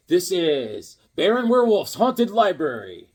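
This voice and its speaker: A man's voice: sits high, very animated, unhurried, few pauses, breathy edge. A man chatting casually while showing comics, telling dad jokes and rambling stories. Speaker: comic collector.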